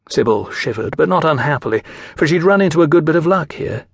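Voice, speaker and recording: A man narrating an audiobook in measured storytelling style. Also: fairly high pitch, animated, vocal fry, slightly rough, dry recording, studio quality. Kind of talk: scripted narration.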